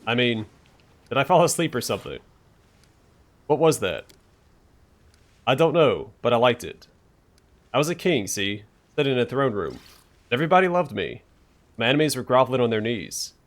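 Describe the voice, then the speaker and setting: A man's voice: mid-range voice, big pitch swings, moderate pace, pauses often, close to an everyday voice. A man reading the lines of a cocky, greedy young rogue in a game, talking breezily and teasing. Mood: breezy.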